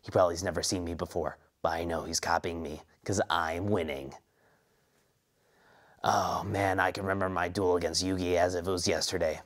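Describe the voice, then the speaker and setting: A smug, arrogant young male duelist brags about always winning, as a young man puts him on. The voice sits very low and deep. It has the easy, self-satisfied delivery of a comedy parody. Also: steady tone, normal speed, natural voice. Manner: smug, bragging.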